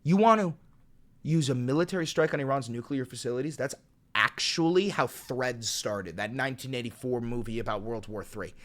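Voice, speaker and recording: A man's voice: mid-range voice, normal speed, a bit bright. A man ranting through a sarcastic, profanity-laced political commentary as a video host.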